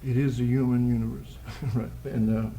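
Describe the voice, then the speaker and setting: A man's voice: mid-range voice, flat delivery, normal speed, creaky, mellow, slight background noise. A man giving a live poetry reading with playful, rambling asides, chuckling between lines. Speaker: poet. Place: college social room with audience. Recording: echoey live room recording.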